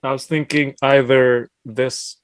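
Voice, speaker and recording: A man's voice: mid-range voice, flat delivery, takes it slowly, smooth. A man co-hosting a live stream, joking around in casual chat. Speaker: co-host.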